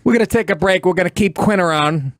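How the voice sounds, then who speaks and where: A man's voice: sits high, fast talker, dry recording, clean studio sound. A middle-aged man hosting a talk show, chatting casually, swearing freely and quoting other people with big swings of voice. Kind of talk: casual radio show chat.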